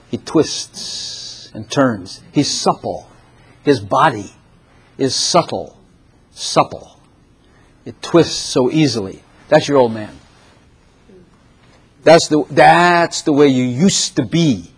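A man preaching a sermon in a lively, animated way, often laughing and acting out the voices of the people in the story. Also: mid-range voice, slow, long pauses, slightly rough.

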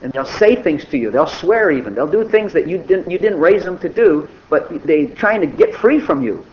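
A man's voice: fairly high pitch, animated, moderate pace. An older man giving an informal, conversational sermon, acting out little dialogues as he goes. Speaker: preacher. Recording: dull lo-fi recording with faint noise.

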